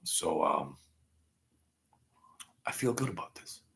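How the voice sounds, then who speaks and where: Gravelly man chatting with viewers. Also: very deep voice, sing-song, takes it slowly, a bit bright. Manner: rambling, reads out and thanks viewers by name. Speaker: channel host. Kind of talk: casual livestream chat.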